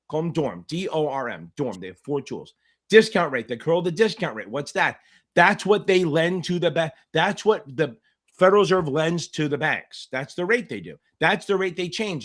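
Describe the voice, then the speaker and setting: A middle-aged man tutoring exam candidates in a live-streamed Q&A, blunt, profane and provocative, wandering into side stories. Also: on the high side. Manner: rambling digressions.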